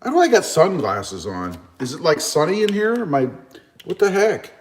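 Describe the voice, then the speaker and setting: A man hosting a casual livestream, talking loudly and reading out viewer comments. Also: fairly high pitch, normal speed. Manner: loud, animated, reads viewer comments. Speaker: livestream host.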